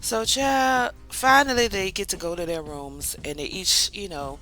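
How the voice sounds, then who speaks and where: A woman reviewing a reality TV show in a casual, chatty way. She tells the story with animated asides and acts out what people said. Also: medium pitch, a little slow, low-quality recording. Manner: drawling colloquial speech, calls the viewer 'child'. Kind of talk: casual recap vlog.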